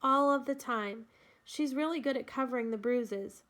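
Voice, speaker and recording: A woman's voice: sits high, normal speed, a bit bright. A woman voicing a timid, tearful little girl. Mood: pleading. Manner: pleading, apologetic, tearful. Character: timid frightened young white girl.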